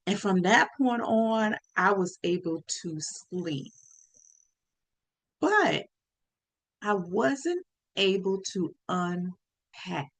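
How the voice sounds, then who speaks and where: A woman telling a personal story on her podcast, lively and speaking straight to her listeners. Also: mid-range voice, drawn-out words, pauses often. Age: adult.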